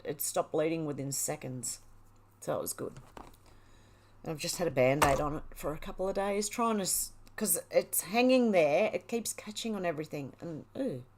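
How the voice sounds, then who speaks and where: A woman's voice: lowish voice, lively intonation, normal speed, a little mellow. A middle-aged woman hosting a livestream, reading viewer comments aloud and chatting back casually. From Australia. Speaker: livestream host reading chat. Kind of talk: casual chat.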